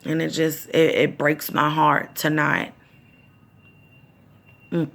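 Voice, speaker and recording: A woman's voice: low voice, little pitch movement, a little slow, creaky, a bit bright. A middle-aged woman vlogging about grief, raw and profane, holding back tears as she talks. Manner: raw, tearful, profane, speaks from the heart. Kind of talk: emotional personal vlog.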